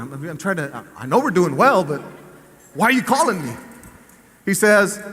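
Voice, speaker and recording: A man's voice: high voice, normal speed, pauses often, husky. A man, a school superintendent telling a story in a speech to a staff assembly in a large hall. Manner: animated, story-driven public speaker. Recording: reverberant hall, amplified through speakers.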